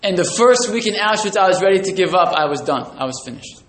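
A man speaking the lines of an elderly Holocaust survivor, halting and repeating himself. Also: high-pitched, animated, a bit bright. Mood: grave. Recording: echoey room with faint hiss.

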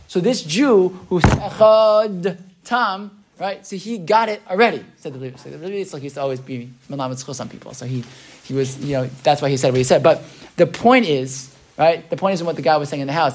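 With a mid-range voice and a quick pace, a man teaches an informal Torah class conversationally. He frequently adds "right?" and dramatizes the quoted voices of people in his retellings.

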